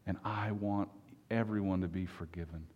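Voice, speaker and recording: A man preaching a sermon, earnest and emphatic, with long pauses. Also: low voice, steady tone, big-room sound, muffled recording.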